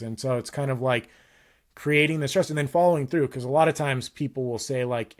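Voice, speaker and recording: A man's voice: medium pitch, fairly even intonation, fast talker. A man in his thirties, a guest on a casual podcast, talking candidly and earnestly about parenting in a loose, rambling way with frequent restarts.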